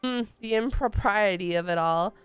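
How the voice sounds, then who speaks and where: A woman reading lines as a prim, disapproving high-minded character in a game, in formal haughty speech. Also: normal speed, smooth, no room sound, close to an everyday voice. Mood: disdainful.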